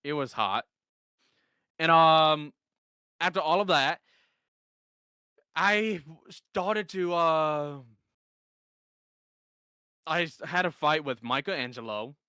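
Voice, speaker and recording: A man's voice: a little high, expressive, slow, pauses often, sharp tone, clear, resonant tone, no echo, clean studio sound. A young man rambling and swearing as he tells a story in a casual live-stream chat. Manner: rambling, profane, restarts often. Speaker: guest streamer.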